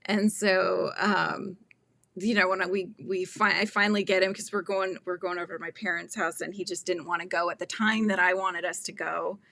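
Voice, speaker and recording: A woman's voice: on the low side, steady tone, normal speed, vocal fry, pushed and bright. A woman in her thirties hosting a casual crochet livestream, chatting and often laughing as she acts out quotes. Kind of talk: casual chat while crocheting, reading viewer comments.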